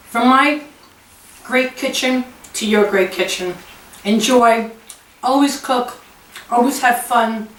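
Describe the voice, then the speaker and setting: Woman host for a home cooking demo, rather high voice, effusive and chatty, picked up from off-mic in an echoey kitchen. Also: fairly bright tone, distant mic. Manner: gushing, exclamatory and chatty.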